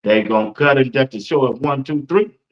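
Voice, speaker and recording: A man's voice: mid-range voice, brisk, muffled recording. A man, hosting a casual live-stream sports talk show, chatty and loose and speaking to viewers in the chat by name.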